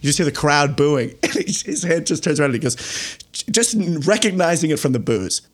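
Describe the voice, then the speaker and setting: A man's voice: fairly high pitch, very animated, fairly quick. A man co-hosting a casual film podcast, laughing often and acting out movie quotes. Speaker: podcast co-host.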